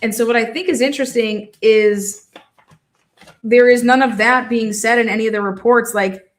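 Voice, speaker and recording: Heated woman commentator, fast and profane, slightly high voice. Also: fairly even intonation. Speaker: true-crime commentator. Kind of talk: casual livestream discussion.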